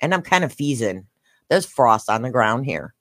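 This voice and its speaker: Excitable woman co-host, dry sound. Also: extremely low pitch, normal speed, no room sound. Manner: giggly and excitable. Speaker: podcast co-host. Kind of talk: casual chat.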